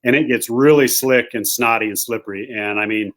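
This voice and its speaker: Guy guest spinning a long funny story, talks casual and rambling, mid pitch. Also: brisk. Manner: animated, rambling anecdote teller. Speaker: guest, hunting guide.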